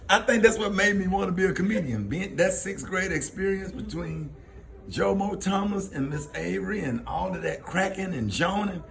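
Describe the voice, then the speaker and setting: A man's voice: high-pitched, moderate pace, gravelly, fairly bright tone. A man hosting a radio show, telling personal stories in a casual way and laughing often. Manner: laughs often, tells stories with quoted voices. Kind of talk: casual storytelling on air.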